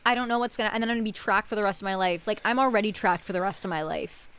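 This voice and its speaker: A woman's voice: mid-range voice, racing, fairly bright tone, clean tone. Sarcastic young woman co-hosting a chat. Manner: sarcastic, rambling with lots of "like". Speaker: podcast co-host. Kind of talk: casual chat.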